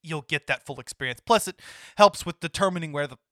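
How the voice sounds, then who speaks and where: A man chats casually about a game he played, circling back and restarting his sentences as he goes. His voice is bright and sits a little high, and the sound is close and dry. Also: a little fast, no room sound. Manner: rambling with many restarts and laughs. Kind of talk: casual gaming chat.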